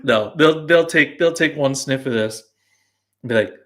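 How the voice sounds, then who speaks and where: Male beer blog host, casual rambler, mid pitch, laughs at himself a lot. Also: normal speed, fairly bright tone. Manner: rambling, self-mocking, laughs often. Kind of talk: casual rambling live stream. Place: home brew house.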